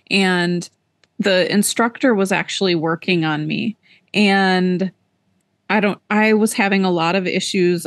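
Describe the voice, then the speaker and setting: A woman co-hosting a podcast, telling a personal story in a casual, animated way and repeating words for emphasis. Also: fairly low pitch, dry recording. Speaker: podcast co-host.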